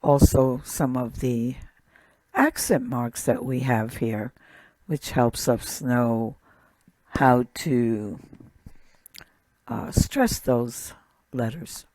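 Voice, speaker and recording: A woman teaching a recorded language lesson, speaking slowly and deliberately and repeating each word. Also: extremely low pitch, very animated, mellow, dry recording. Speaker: Hebrew teacher.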